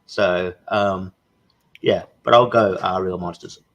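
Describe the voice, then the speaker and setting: A man on a panel talking in a relaxed, slangy way about cartoons he loved. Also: low voice, takes it slowly, dull audio. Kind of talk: casual chat.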